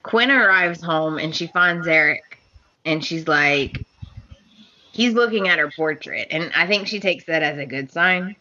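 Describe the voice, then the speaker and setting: A woman's voice: low-pitched, a little slow, lo-fi sound. A woman co-hosting a podcast, chatting casually as she recaps soap opera episodes and acts out the characters' lines with laughs. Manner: animated storyteller, acts out scene quotes with laughs. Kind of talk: casual chat.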